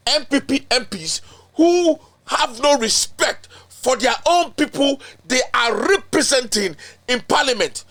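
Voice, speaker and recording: A Ghanaian man hosts a political commentary show, speaking indignantly and emphatically, working in local-language chants and repetition. His voice is very high-pitched and slightly bright, with big swings in pitch and an unhurried pace.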